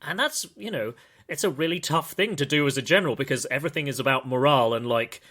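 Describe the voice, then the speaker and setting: A podcast host discusses a film in a casual, thoughtful, digressive chat, even describing himself as a pedant. He speaks fast and animatedly in a fairly high, slightly bright voice.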